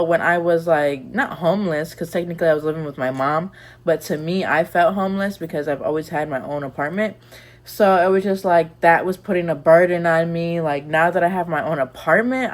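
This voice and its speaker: Young woman just chatting to camera, kinda low voice, candid, rambly, says like a lot. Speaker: lifestyle vlogger. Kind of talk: casual advice chat.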